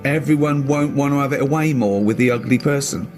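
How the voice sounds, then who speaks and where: A man's voice: mid-range voice, fairly quick, darkish tone, faint music behind. Teasing man quizzing his co-hosts. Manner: teasing, probing questioner. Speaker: radio show host. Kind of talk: casual radio chat.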